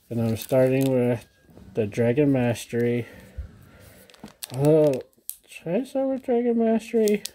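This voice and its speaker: Here a man in his thirties keeps up casual unboxing chat for viewers at home, gushing excitedly about each trading card as he opens the packs. His pitch is medium, and a little hiss or hum can be heard.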